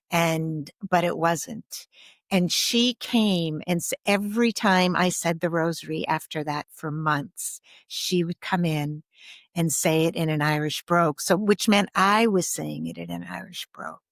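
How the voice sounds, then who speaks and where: A woman with a fairly low voice speaks softly as a podcast guest, thoughtful and unhurried, often pausing with an um. The sound is dry and close, with no room around it. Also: vocal fry, no echo. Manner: soft-spoken, thoughtful, with frequent pauses and ums. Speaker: guest, grief and ancestral healer. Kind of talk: reflective podcast conversation.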